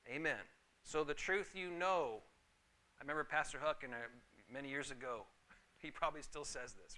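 A man's voice: a little high, animated, fairly quick, bright, forceful tone, low-quality recording. A middle-aged man pastor giving a conversational sermon, telling personal stories and calling for amens. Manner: conversational, storytelling, calls for amens.

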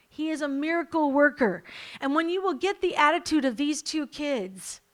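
A woman's voice: sits high, a bit bright. A woman preaching a sermon to a church congregation, emphatic and repeating her key lines, then leading a prayer.

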